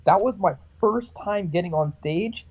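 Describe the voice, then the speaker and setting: Male, thirties, singer from California, warm mellow tone, talks in lively anecdotes and acts out the other voices. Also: high-pitched, unhurried, breathy edge. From Sacramento, California. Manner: animated, acts out other people's lines. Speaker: metalcore band vocalist and barber. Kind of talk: casual storytelling in a podcast interview.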